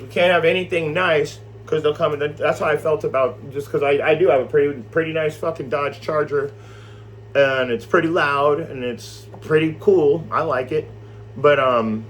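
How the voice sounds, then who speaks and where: A man teaching scripture in a loose, animated way, rambling and swearing as he tells a story. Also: a little high, slight background noise. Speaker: Bible study teacher.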